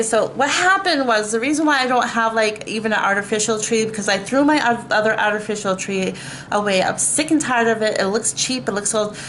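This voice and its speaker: Woman vlogging a rant, kinda high voice, swears a lot, laughs at herself, bit of background hiss. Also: a bit bright. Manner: exasperated, profane ranting with frequent fillers. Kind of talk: casual rant to camera.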